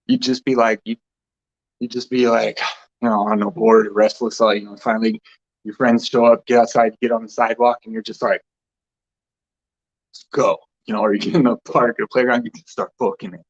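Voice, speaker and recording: A man speaks in a low register, wandering from thought to thought in a loose, filler-heavy spiritual chat. He sounds animated and speaks as a channeler. The recording is dull and lo-fi. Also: fairly quick. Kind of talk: casual spiritual talk.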